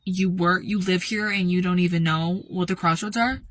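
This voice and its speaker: A woman's voice: fairly low pitch, fairly even intonation, normal speed, pitched below the performer's own voice, lightly acted. A woman voicing a demanding woman customer with a Russian accent, talking in blunt, clipped questions.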